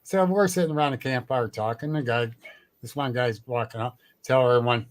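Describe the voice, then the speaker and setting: A man's voice: medium pitch, fairly quick. Blunt, salty man telling stories. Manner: blunt and salty, laughs often. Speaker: guest, cryptid researcher. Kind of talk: casual storytelling chat.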